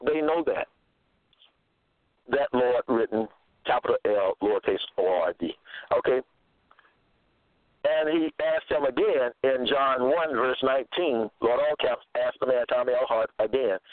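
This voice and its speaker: A man delivering a self-made religious monologue. He cites scripture references and pauses to search for verses. He repeats his points insistently. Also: mid-range voice, no room sound. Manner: halting, searching for verses aloud; repetitive, insistent. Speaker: preacher. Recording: narrow phone-like sound, dry.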